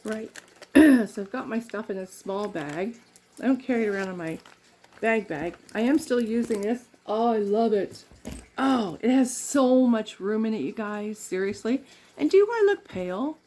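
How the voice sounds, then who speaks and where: A woman's voice: on the high side, animated, normal speed, dark tone, a little hiss or hum. A middle-aged woman from Canada chatting in a rambling way while doing her makeup, laughing often. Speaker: makeup vlogger.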